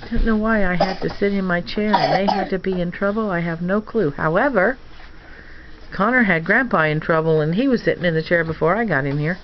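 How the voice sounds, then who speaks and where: A woman's voice: on the low side, fairly quick. A woman filming children at home, playfully scolding and teasing them in a sing-song voice. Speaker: family member filming children at play. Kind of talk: playful home video chat. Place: room in a family home. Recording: muffled home video with background noise.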